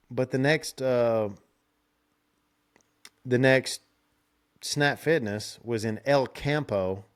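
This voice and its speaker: Young man, casual podcast host, loose rambling delivery with frequent laughs. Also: mid-range voice. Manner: rambling, laid-back, laughs often, restarts. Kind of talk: casual storytelling chat.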